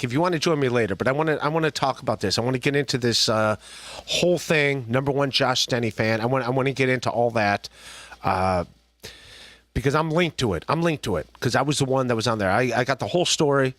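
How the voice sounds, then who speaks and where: A man's voice: mid-range voice, a bit bright, no room sound. Rambling, joking man hosting a podcast. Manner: rambling, joking, lots of restarts and laughs. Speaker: podcast host. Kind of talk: casual livestream commentary.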